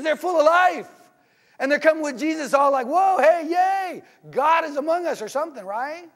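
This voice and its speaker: A man preaching a sermon in church, in a conversational, animated way, often asking his listeners rhetorical questions. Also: very high-pitched.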